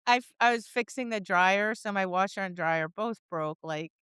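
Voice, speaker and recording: A woman co-hosting a dog training podcast, chatting casually and acting out her students and dogs in lively voices. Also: mid-range voice, normal speed, clear, resonant tone, dry recording. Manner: animated storyteller, acts out voices, laughs and swears. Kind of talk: casual chat.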